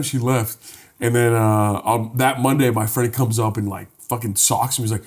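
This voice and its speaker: Young man, podcast co-host, lively pitch, husky voice, casual swearing stories. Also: moderate pace. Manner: animated storytelling, swears freely. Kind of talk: casual chat.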